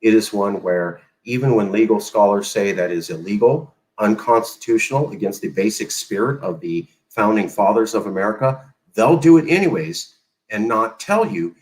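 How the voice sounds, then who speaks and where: A man's voice: lowish voice, expressive, moderate pace, a little mellow, poor audio. A man hosting a political talk show, speaking with sarcastic emphasis and mocking the people he quotes. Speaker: host.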